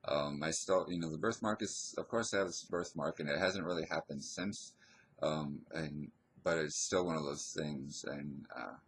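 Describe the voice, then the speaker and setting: A man telling a personal story in a casual, hesitant way, pausing and restarting often. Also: extremely low pitch, a bit bright, husky. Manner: hesitant, rambling, full of pauses and restarts.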